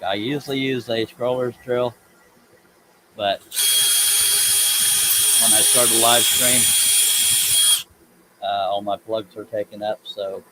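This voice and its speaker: Low-voiced rambling man in a noisy workshop. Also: a bit bright. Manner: rambling, self-deprecating, reads chat comments aloud. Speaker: scroll saw woodworking live streamer. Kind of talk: casual live stream chat while working.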